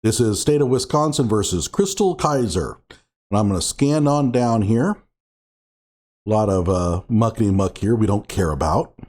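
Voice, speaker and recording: A man's voice: lowish voice, animated, normal speed, a little mellow. A man hosting his own show, giving sarcastic commentary on a court ruling and reading passages out with heavy emphasis. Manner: sarcastic, reads documents aloud with emphasis. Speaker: show host.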